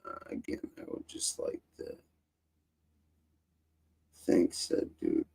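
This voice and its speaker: A man's voice: slow pace, dark tone, no room sound. A male host in a casual live stream, rambling, profane and laid-back.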